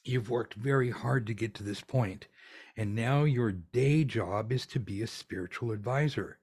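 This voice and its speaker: A man's voice: mid-range voice, measured pace, darkish tone, breathy edge. A man teaching tarot readers how to earn money, talking in a blunt, ranty, profane way. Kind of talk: ranty casual coaching monologue.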